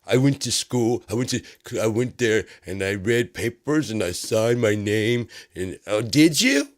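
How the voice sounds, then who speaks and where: A man's voice: on the low side, very animated, measured pace, no echo, clean studio sound, voice pushed up. A man doing a mocking boastful president impression. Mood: childlike. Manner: exaggerated mocking impression, repetitive bragging. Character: boastful older male president, childlike and self-praising.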